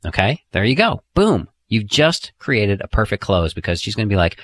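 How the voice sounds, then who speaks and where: Brief: a lower-voiced man, lively and joking, coaching his listener through an audiobook. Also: normal speed, hardly any pauses. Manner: energetic and joking, often adds "okay?". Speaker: author and audiobook narrator. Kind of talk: casual spoken dating advice audiobook.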